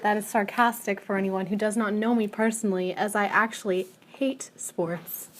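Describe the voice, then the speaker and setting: A woman's voice: medium pitch, fairly even intonation, normal speed, a little hiss or hum. A woman co-hosting a student podcast, dry and sarcastic, steering the chat back on topic. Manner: dry, sarcastic, keeps the talk on track. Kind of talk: casual chat.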